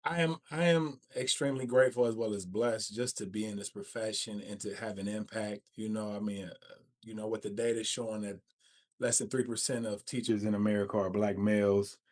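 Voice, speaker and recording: A man, a teacher co-hosting a podcast, reflecting in casual chat over a video call and acting out quotes with a higher voice. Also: fairly even intonation, fairly quick, a little mellow. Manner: reflective, acts out quotes with a jump in pitch.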